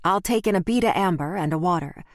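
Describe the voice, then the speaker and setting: A woman's voice: lowish voice, animated, quick pace, dry recording, lightly acted. A woman voicing a wry off-duty female detective with dry humor, in an audiobook. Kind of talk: audiobook character voice.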